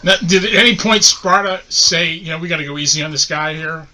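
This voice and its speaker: A man hosts a podcast, putting questions to a guest and adding quick reactions. His voice is high, and clear background noise sits under him. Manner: short reactions and interview questions. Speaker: podcast host. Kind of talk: casual podcast interview.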